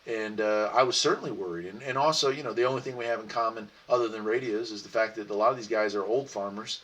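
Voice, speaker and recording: A man's voice: fairly low pitch, quick pace, recorded from a distance. Rambling man chatting on a livestream. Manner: relaxed, rambling, laughs often. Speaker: livestream host. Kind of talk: casual chat reading viewer comments.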